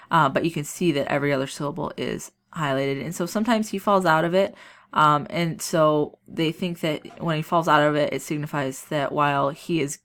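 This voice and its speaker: A woman's voice: low voice, fairly bright tone. A woman teacher walks her class through a poem in a chatty, informal way, with many fillers and restarts. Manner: chatty, filler-heavy explaining with frequent restarts. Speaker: English teacher. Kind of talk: recorded class lesson on a poem.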